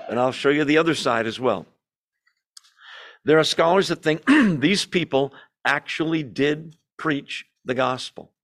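Bible teacher with a fairly high voice. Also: male voice, fairly bright tone. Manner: asks the room rhetorical questions, reads verses aloud with emphasis. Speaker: pastor teaching a Bible study. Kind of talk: sermon-style Bible teaching. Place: church room.

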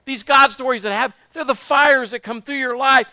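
A man's voice: very high-pitched, moderate pace, hardly any pauses, pushed and bright, no room sound. A man preaching a fervent sermon, repeating his points and asking the congregation for amens. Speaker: pastor.

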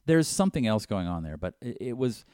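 A man's voice: lowish voice, sing-song, brisk, darkish tone, clear, resonant tone, dry recording, studio quality. A man in casual chat, rambling and swearing as he riffs on crime stories, slipping into comic impressions.

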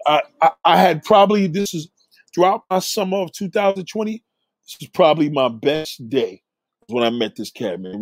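A man hosting a livestream, ranting profanely and repetitively at a viewer in chat and giving shout-outs to supporters. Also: medium pitch, no room sound. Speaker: livestream host reading chat. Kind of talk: casual livestream rant.

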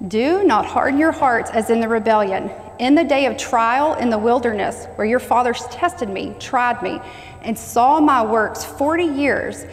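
Woman preaching, kinda high voice, has everyone repeat lines back, big echoey hall. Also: a little slow. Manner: call-and-response preaching, stressing repeated phrases. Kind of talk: sermon. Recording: long hall reverb.

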